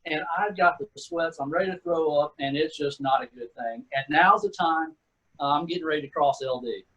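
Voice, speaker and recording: A man's voice: a little high, fairly bright tone, low-quality recording. A middle-aged man, a retired Army sergeant, telling war stories in a laid-back, casual way and calling people "man" and "dude". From Texas. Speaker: retired Army sergeant first class, guest. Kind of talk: casual storytelling.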